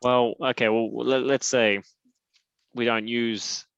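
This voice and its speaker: A man's voice: medium pitch, steady tone, takes it slowly, vocal fry, fairly bright tone, clear, resonant tone, no room sound, lo-fi sound. A man playing a tabletop game, talking casually and hesitantly with fillers. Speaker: player.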